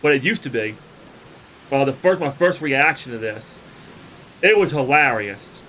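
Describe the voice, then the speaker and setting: A man, a let's play streamer, streams a game while sick with the flu, coughing and giggling constantly, laughing until he tears up. His mid-range voice is animated, bright and forceful at a measured pace, with a little hiss or hum in the audio.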